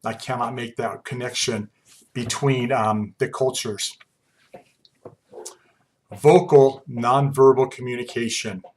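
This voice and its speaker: A male college instructor in his forties lectures quickly and casually. He keeps it conversational, leaning on personal stories. His voice sits at an ordinary middle pitch. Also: steady tone, slight background noise. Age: 40s. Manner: fast-talking, conversational, uses personal anecdotes. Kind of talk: classroom lecture.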